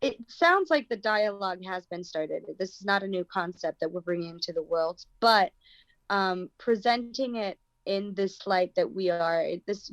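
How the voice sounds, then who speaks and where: American actress guest, low-pitched, reflective, dull remote line. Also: female voice, no echo. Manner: thoughtful, searching for words. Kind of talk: casual interview talk.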